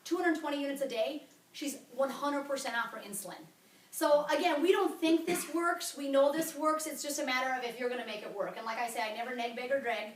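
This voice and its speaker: A woman giving an energetic, blunt wellness talk to a group in a meeting room. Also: high voice, fairly quick. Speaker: wellness coach presenter. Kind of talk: sales presentation to a group. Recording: roomy, from far off.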